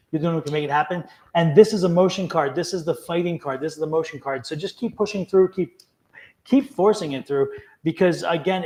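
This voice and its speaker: Man, slightly high voice, tarot reader, earnest, encouraging, repetitive. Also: darkish tone. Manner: earnest, encouraging, repeats his advice. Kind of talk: live-stream tarot reading.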